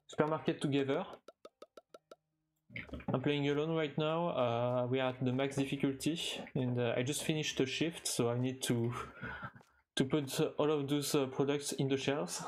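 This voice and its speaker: A man's voice: medium pitch, a little mellow, a little hiss or hum. A young man from France with a French accent, chatting casually with his viewers while he plays a game, often restarting his sentences and stumbling over fillers. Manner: halting, with frequent restarts and fillers, chuckling now and then. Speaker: streamer. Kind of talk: casual live-stream chat while gaming.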